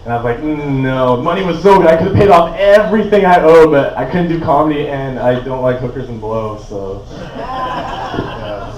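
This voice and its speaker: A man's voice: fairly high pitch, big pitch swings, normal speed, a little mellow, dull audio, slight background noise. Laid-back young man, roomy distant sound. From Canada. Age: 20s. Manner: laid-back and rambling, full of "like" and "uh". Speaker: stand-up comedian. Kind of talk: stand-up comedy set.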